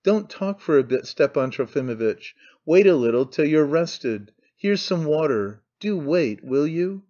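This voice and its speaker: A man reading an audiobook, voicing a domineering aging noblewoman who scolds and commands in sharp outbursts. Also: fairly high pitch, lively intonation, measured pace, lo-fi sound. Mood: fierce.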